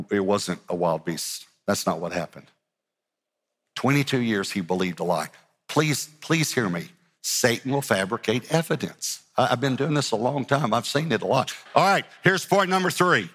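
A man's voice: on the low side, fairly bright tone, husky, in a large hall. A male pastor preaching a dramatic sermon, often restarting his sentences and acting out scenes. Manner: dramatic, acts out Bible scenes in character voices; repeats words as he restarts sentences.

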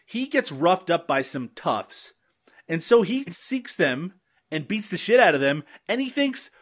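A man's voice: sits high, very animated, unhurried. A man hosting a casual movie podcast, wry and sarcastic, swearing freely. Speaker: podcast host. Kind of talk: casual chat.

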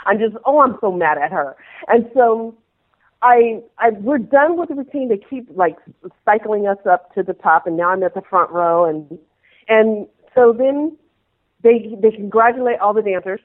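A woman telling a personal story in an interview, animated and acting out scenes in changing voices. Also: a little high, normal speed. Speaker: interview guest, former pro dancer. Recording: tinny phone-like line.

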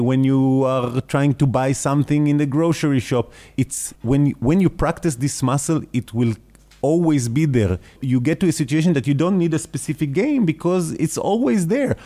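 A man with a non-native English accent talks as a clown teacher, pausing often to find the right words. His voice is mellow and dark. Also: mid-range voice. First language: not English. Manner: thoughtful, halting, searching for words.

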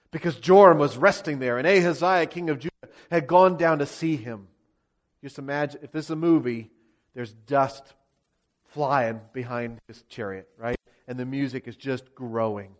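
A man's voice: mid-range voice, moderate pace. A male preacher delivering a sermon, retelling scripture as vivid, dramatic storytelling. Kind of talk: expository sermon.

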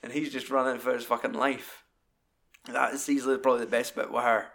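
A man in casual, sweary film chat, acting out scenes in high put-on voices. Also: little pitch movement, brisk, a bit bright.

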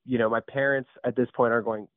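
A man in his thirties, a company founder telling his story as a podcast guest, animated and full of restarts and repeated words. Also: mid-range voice, fairly quick, no echo. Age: 30s. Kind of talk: casual storytelling interview. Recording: tinny phone-like line, dry.

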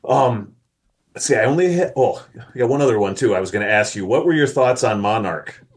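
A man's voice: medium pitch, lively intonation, fairly quick. A man from Minnesota co-hosting a podcast, chatting casually and rambling with many restarts. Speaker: podcast co-host. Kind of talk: casual chat.

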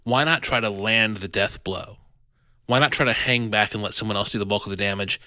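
Bright, dry-voiced man hosting a chat. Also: lowish voice, brisk, no echo. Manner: animated, self-deprecating, many restarts. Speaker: podcast host reviewing an adventure. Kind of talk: casual chat.

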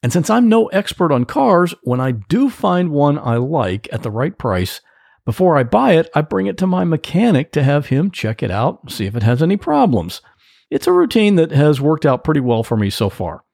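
Chatty man with a gravelly, lively voice. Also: on the high side, moderate pace, no room sound, studio quality. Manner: chatty, folksy, plain-spoken. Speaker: podcast host, computer repair tech. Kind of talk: solo podcast monologue. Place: home office.

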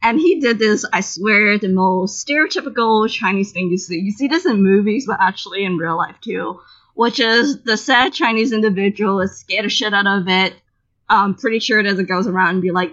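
Woman, casual storytelling, animated, swears freely, acts out dialogue, mid-pitched, slightly muffled lo-fi sound. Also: brisk. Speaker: podcast co-host telling a story. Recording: slightly dull lo-fi audio.

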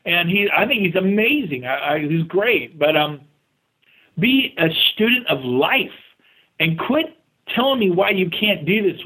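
A man talking as a guest in an interview, energetic and motivational, speaking in quick bursts and acting out the voices of the people he quotes. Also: high voice, slightly rough, rough recording. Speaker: real estate agent and guest. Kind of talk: casual interview talk.

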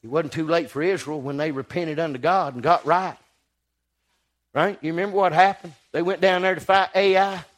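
Folksy preacher, higher voice. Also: male voice, steady tone, moderate pace. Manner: folksy storytelling with sudden loud rises. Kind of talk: sermon.

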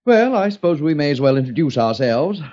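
An actor playing a sardonic, bitter middle-aged husband in a 1940s radio drama, with dry, cutting sarcasm. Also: male voice, on the high side, very animated, brisk, darkish tone. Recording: dull old radio recording.

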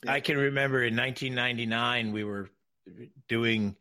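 Male broadcaster, storyteller, halting delivery, bright forceful voice, mid pitch. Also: steady tone. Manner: halting, many restarts, laughs often. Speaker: racing broadcaster. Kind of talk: casual panel chat, storytelling.

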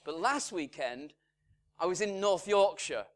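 A man preaching a sermon, measured and emphatic, his voice swinging from strong lines down to hushed, quiet ones. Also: high-pitched, lively intonation. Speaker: pastor. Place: church in Salford.

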